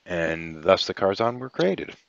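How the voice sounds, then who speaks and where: A man's voice: low voice, big pitch swings, measured pace, vocal fry, no echo, lo-fi sound. A man who created a tabletop game world chatting casually over a video call, with a dry, wry manner and casual swearing. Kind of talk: casual chat.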